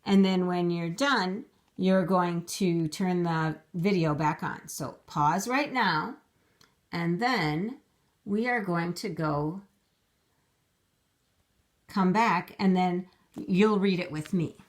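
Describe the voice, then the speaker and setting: A woman teaching young children phonics from home, slowly sounding out words letter by letter for her camera. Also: lowish voice. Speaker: kindergarten teacher. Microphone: computer camera mic.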